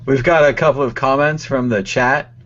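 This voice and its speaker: A man's voice: medium pitch, steady tone, a bit bright. Man hosting a live show. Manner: brisk, reading out viewer comments. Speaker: host. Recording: dull lo-fi stream audio.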